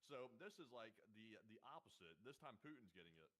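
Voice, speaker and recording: A man co-hosting a stream in casual chat, animated and quick to laugh. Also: medium pitch, poor audio. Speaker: co-host reading super chats.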